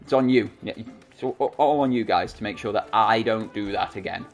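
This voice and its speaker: A man's voice: lowish voice, a little fast, soft background music. A man hosting a game playthrough who talks casually, joking at his own expense, into a desktop microphone. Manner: chatty, self-mocking. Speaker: gaming channel host. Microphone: desktop USB microphone.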